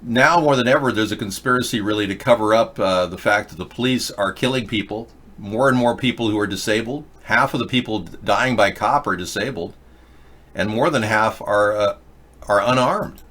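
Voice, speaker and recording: A man's voice: lowish voice, normal speed, fairly bright tone. An older man hosting a show, giving rambling, opinionated commentary on video clips with frequent restarts. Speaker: host.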